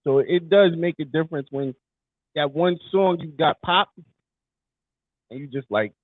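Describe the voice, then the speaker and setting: A man's voice: a little high, measured pace, no echo. A man co-hosting a casual podcast chat, talking in a hyped, emphatic way. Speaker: podcast co-host. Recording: tinny phone-like sound.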